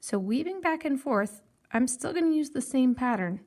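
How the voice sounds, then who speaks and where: A woman art teacher giving a patient step-by-step craft lesson for children, counting aloud slowly and explaining with a simple story. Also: high voice, lively intonation, darkish tone.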